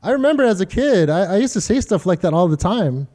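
A man's voice: high voice, fast talker. A middle-aged man preaching a sermon, telling stories with animation and asking the congregation questions. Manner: animated storytelling, quoting others in funny voices, talks directly to the congregation. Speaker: pastor.

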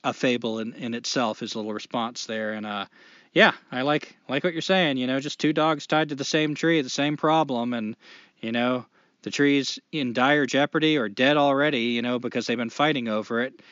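A man co-hosting a podcast in casual chat, profane and animated, rambling through his points. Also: medium pitch, moderate pace, no room sound. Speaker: podcast co-host. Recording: dull lo-fi podcast audio.

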